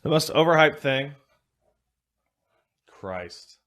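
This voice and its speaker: A man's voice: fairly high pitch, lively intonation, slow, a bit bright. A man co-hosting a podcast, casual chat with dry joking asides. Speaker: podcast host.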